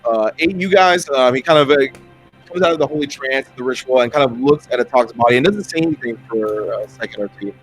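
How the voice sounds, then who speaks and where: A man's voice: mid-range voice, fast talker, faint music behind. A man narrating a tabletop game as dungeon master, rambling and hesitant with lots of fillers.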